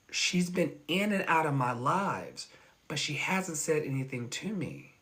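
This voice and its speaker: A man hosting a casual livestream as an online pastor, candid and animated, swearing freely and laughing often. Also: on the high side. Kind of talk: casual livestream chat with viewers.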